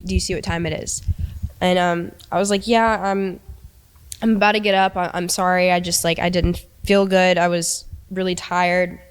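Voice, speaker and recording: A young woman recounting a frightening relationship in a halting way, with many restarts and quoted lines. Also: on the low side, flat delivery, smooth. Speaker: interviewee recounting abuse. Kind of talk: emotional storytelling.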